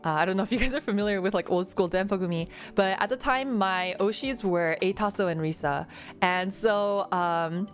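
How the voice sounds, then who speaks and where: A woman's voice: mid-range voice, moderate pace, soft background music. A young woman streaming a casual Q&A, rambling through stories with lots of fillers, restarts and giggles. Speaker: VTuber streamer. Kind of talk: casual Q&A chat.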